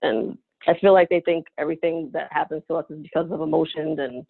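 A woman's voice: sits low, quick pace, gravelly, no echo. A woman in her late twenties, an interview guest telling her personal story candidly and emotionally, with lots of "like". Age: late 20s. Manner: emotional, animated retelling with frequent "like". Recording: tinny phone-line sound.

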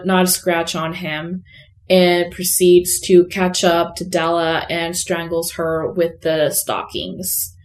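A woman's voice: fairly low pitch, darkish tone. A woman co-hosting a podcast, casually retelling a film plot in a rambling way, full of fillers. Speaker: podcast co-host. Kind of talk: casual chat recapping a film.

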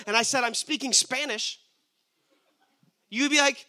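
Bright-voiced emphatic male preacher. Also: very high voice, moderate pace. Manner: emphatic, asks the audience rhetorical questions. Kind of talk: sermon.

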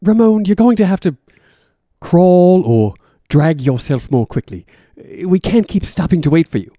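A man's voice: sits high, big pitch swings, moderate pace, dark tone, no echo, clean studio sound. A man voicing a pompous, condescending older prison escapee who talks in mannered euphemisms. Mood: haughty.

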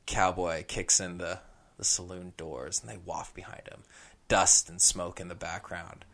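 A man co-hosting a casual chat, telling an animated story and slipping into character voices. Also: low-pitched, measured pace, vocal fry. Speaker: podcast co-host.

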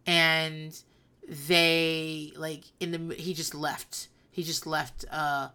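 A woman's voice: sits low, little pitch movement, very slow, pushed and bright, clear, resonant tone. A woman in her thirties hosting a solo podcast, telling stories bluntly and profanely with a rambling, candid delivery. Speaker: podcast host.

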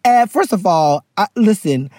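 In a measured, medium-pitched voice, a woman hosting a show shares a listener's letter and responds with informal advice. She stays animated, laughs freely, and regularly lapses into pidgin.

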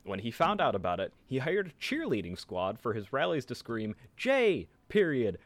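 A man hosting a casual podcast, reading out a history story in an animated way. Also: moderate pace, no room sound. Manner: animated storytelling with lively pitch. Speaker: podcast host.

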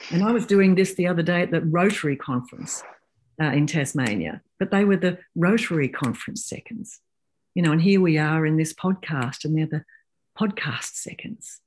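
A woman in her sixties, a professional speaker telling stories in a podcast interview and acting out quotes with lively shifts of voice. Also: low voice, brisk, a little hiss or hum.

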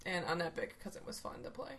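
A woman's voice: on the low side, animated, fast, a bit bright, a little hiss or hum. A young woman co-hosting a podcast, teasing and giggly in casual chat. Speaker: podcast co-host.

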